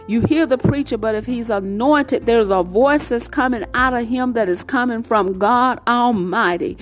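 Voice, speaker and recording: A woman preacher delivering a sermon with a repetitive, emphatic cadence. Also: on the high side.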